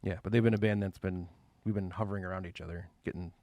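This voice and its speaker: A man's voice: low voice, fairly even intonation, quick pace, dry recording, muffled recording. A man from Connecticut co-hosting a podcast, chatty and wry in casual conversation. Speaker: podcast co-host. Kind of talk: casual chat.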